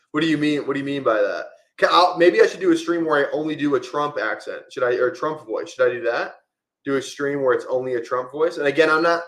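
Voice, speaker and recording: A man's voice: medium pitch, reverberant. Chatty man streaming a fantasy draft. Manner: rambling, casual, lots of "like" fillers. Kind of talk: live-stream draft commentary.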